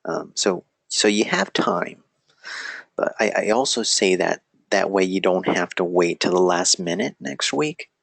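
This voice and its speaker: A man's voice: low voice, animated, unhurried, creaky, fairly bright tone, dry recording. A man teaching an online class in a casual, rambling way, stumbling over restarts, joking about himself and drifting off topic. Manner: rambling, self-deprecating, frequent restarts and digressions. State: feeling a little weak. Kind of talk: casual live lecture.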